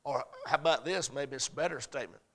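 A middle-aged man preaching a sermon, swinging between loud urgent points and soft storytelling. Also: mid-range voice, fast talker, vocal fry.

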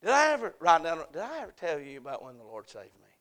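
A pastor preaching an evening sermon, rising to impassioned shouting and falling to a hushed prayer. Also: male voice, a little high, wildly swooping pitch, fast. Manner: fervent preaching that swells to shouting, then drops to a hushed prayer.

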